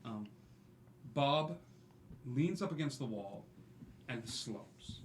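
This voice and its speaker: A man narrates a tabletop game as game master, lively and quick to laugh. His voice rings in a roomy space, with a faint hiss behind it. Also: mid-range voice. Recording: echoey room with faint noise.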